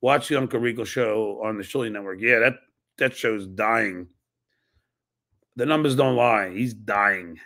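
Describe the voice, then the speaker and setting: A man's voice: on the low side, measured pace, creaky, bright, forceful tone. A man hosting a podcast, reading out viewer donations and firing back blunt, profane retorts. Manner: reads messages aloud and snaps back with blunt, profane retorts. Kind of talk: casual live-stream chat.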